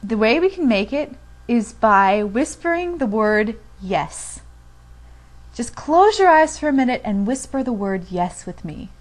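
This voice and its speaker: A woman's voice: a little high, big pitch swings, measured pace. Chatty young American woman teaching. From United States. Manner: chatty, with many fillers. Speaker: language teacher. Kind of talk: casual video lesson.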